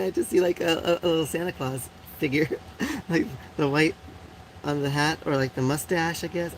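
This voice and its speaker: A woman's voice: deep voice, fairly even intonation, moderate pace, poor audio. Chatty blunt woman host, faint background hiss. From Puerto Rico. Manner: chatty and blunt, many fillers, frequent laughs. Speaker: live show host. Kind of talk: casual live-stream chat reading viewer comments.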